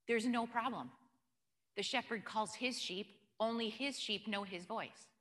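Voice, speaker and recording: Bright-voiced woman giving a chatty church talk. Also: on the high side, unhurried. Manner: chatty, storytelling, asks the audience questions. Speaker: church speaker. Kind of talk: informal church teaching talk. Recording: long hall reverb.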